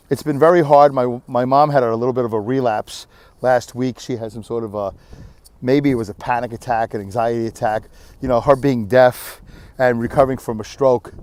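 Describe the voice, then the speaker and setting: A middle-aged man speaks at an ordinary pitch in a tired, rambling way, like an outdoor vlog shot on a handheld camera. His talk is candid and a little self-mocking, with plenty of fillers. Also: a little mellow. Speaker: vlogger. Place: windy beach outdoors.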